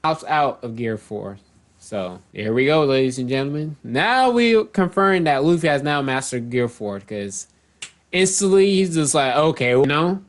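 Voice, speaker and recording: Here a man reviewing a manga chapter speaks in a mid-range voice with lively intonation and an unhurried pace. His recap is casual and rambling, full of mid-sentence self-corrections, and he reads character lines aloud.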